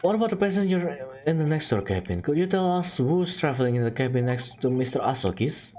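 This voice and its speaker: A man's voice: on the high side, animated, fairly quick, warm tone, lightly acted. A man voicing a polite young male law student who questions a witness in a formal, courteous way, reading game dialogue aloud. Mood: earnest.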